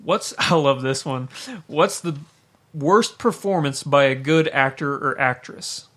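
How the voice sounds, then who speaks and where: A man hosts a loose podcast chat with friends, his voice sitting a little high and sounding bright and forward. He laughs easily and keeps the banter going. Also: unhurried. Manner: laughs often, eager banter. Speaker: podcast host. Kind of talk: casual chat.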